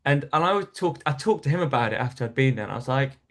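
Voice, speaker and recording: A man's voice: mid-range voice, lively intonation, fast talker, fairly bright tone. A man from North East England, a stand-up comedian, telling stories in a casual podcast chat with frequent restarts. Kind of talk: storytelling in casual interview.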